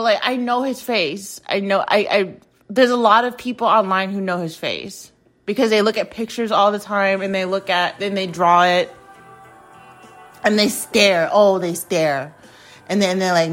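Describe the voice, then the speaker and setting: Young woman, podcast host, rambling fan chat, higher voice, faint music behind. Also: a bit bright. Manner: gushing, rambling, laughs often.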